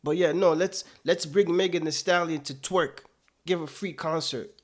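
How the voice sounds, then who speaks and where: A man with a notably high voice gives political commentary at a moderate pace in a steady tone. He sounds emphatic and indignant, repeating his points to drive them home.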